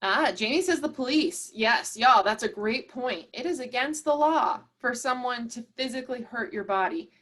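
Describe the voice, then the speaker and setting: A woman's voice: on the high side, animated, normal speed, hardly any pauses, a bit bright. Upbeat woman leading an online workshop. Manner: upbeat, encouraging, says "y'all" often. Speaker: workshop facilitator. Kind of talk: online workshop, reading chat replies.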